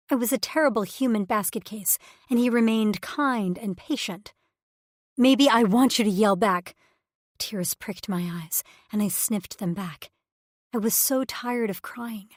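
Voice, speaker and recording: A woman's voice: on the high side, no echo. Woman reading a romance audiobook, first person, intimate and emotional, dry close mic. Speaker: audiobook narrator.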